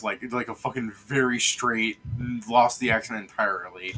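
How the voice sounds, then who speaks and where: A man's voice: on the low side, fairly quick, sharp tone, a little hiss or hum, rough recording. A man chatting casually with friends during a tabletop game, telling a rambling story and swearing freely. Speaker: player and streamer.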